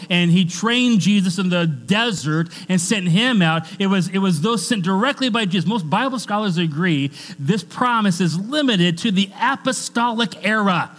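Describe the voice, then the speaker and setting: A man's voice: high-pitched, fairly bright tone. A male pastor preaching a conversational sermon, reading scripture aloud with joking asides. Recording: long church reverb with faint mains hum.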